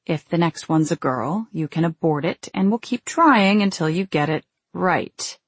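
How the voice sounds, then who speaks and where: A woman's voice: fairly low pitch, a little slow, slightly rough, no room sound. A woman reading the lines of a cold, controlling husband in a curt, condescending tone.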